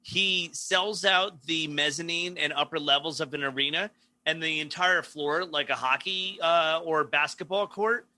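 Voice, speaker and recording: Bright, profane storyteller man. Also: a little high, moderate pace. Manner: profane, laughing, storytelling with acted-out quotes. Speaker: podcast co-host. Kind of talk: casual comedic chat.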